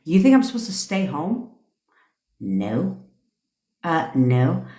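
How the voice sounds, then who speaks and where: A woman's voice: fairly low pitch, very animated, normal speed, dark tone. Brash, profane woman ranting in an echoey room. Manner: profane, brash and laughing, tangents and impressions. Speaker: manifestation coach hosting a live stream. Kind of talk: casual live-stream rant.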